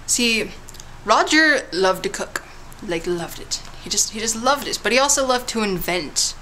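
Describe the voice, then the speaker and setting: A woman's voice: mid-range voice, lively intonation, unhurried, pushed and bright, slight background noise, low-quality recording. Playful woman vlogger, teasing tall tale. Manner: playful, teasing storyteller with swoops into big dramatic tones. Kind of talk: casual vlog with a mock history tale.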